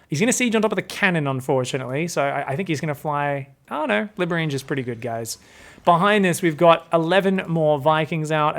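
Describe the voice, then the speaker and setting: Brief: young man, game caster, slightly high voice, excitable and jokey, laughs a lot and slips into playful mock voices. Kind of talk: excitable esports commentary.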